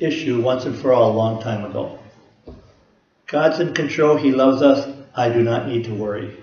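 A man preaching a sermon to a congregation, earnest and steady, asking rhetorical questions. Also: mid-range voice, a little hiss or hum. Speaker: pastor. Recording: echoey room, slightly dull sound.

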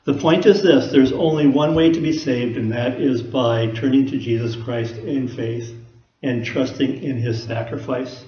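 A man's voice: medium pitch, measured pace, a little hiss or hum. A man preaching a sermon in a folksy, conversational way, often asking the listeners rhetorical questions. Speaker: pastor. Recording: echoey room, dull lo-fi sound.

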